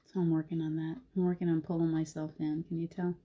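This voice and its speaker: A middle-aged woman hosting a casual live talk show, speaking gently and reflectively about spirituality. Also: deep voice, flat delivery, quick pace, highs cut off. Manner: gentle, reflective, soft-spoken with frequent laughs. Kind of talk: casual live-stream chat.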